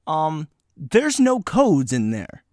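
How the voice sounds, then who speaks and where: A man's voice: a little high, wildly swooping pitch, slow pace, a little mellow, dry recording, clean studio sound. A young man co-hosting a podcast, telling stories in a loose, casual way, laughing often and slipping into comic voices for strangers. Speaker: podcast co-host. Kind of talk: casual chat, storytelling.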